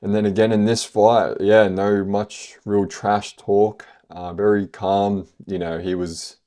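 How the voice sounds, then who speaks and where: Man, deep voice, mellow tone, casual fight-review host, rambling, filler-heavy. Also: level tone, slow pace. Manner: casual swearing. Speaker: MMA podcast host.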